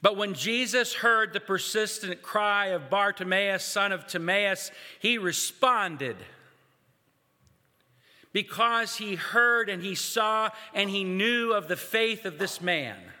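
A man preaching a sermon, speaking in measured phrases with pauses and rhetorical questions to his congregation. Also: high voice, pushed and bright. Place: church sanctuary. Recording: echoey church hall with long reverb.

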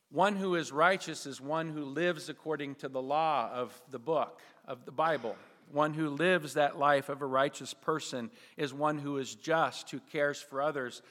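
A man preaching to his congregation, his voice sitting a little higher than most men's. He slows down and presses on key words to drive a point home, and a long reverb trails after him in the sanctuary. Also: fairly bright tone. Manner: emphatic, slowing down to stress key phrases. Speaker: pastor. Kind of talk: sermon.

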